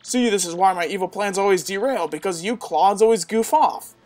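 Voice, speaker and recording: A woman's voice: medium pitch, moderate pace, faint music behind, lightly acted. A woman voicing a blustering, hot-tempered male turtle king who growls and barks orders. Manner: growling, bossy, shouting.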